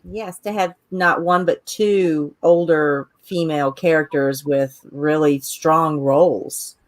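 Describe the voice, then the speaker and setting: A woman co-hosting a film podcast in casual chat, easygoing and quick to laugh. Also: low-pitched, fairly even intonation.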